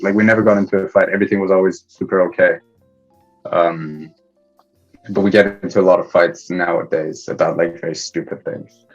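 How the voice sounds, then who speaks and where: A young man from Iran chats easily as a podcast guest. His voice sits fairly low, and he laughs now and then. The audio is a little dull, with faint music underneath. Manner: relaxed storyteller, laughs often. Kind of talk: casual interview chat.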